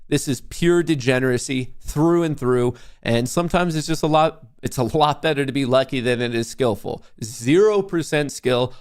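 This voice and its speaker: A man hosting a live trading stream, excitable and profane, cheering his trades on, boasting, then plainly explaining a sponsor's service. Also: medium pitch. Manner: brash and boastful. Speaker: livestream host, day trader.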